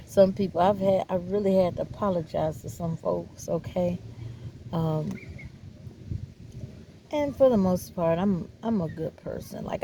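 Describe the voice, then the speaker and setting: A woman's voice: medium pitch, noisy background. A woman vlogger speaking in a casual, earnest, encouraging monologue, calling listeners baby and honey, with loose, repetitive phrasing and many fillers. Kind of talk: casual talking-to-camera monologue.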